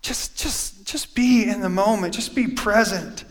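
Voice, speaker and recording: A male pastor preaching a sermon in church, reading scripture aloud and swinging from loud preaching to hushed, quiet passages. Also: sits high, measured pace.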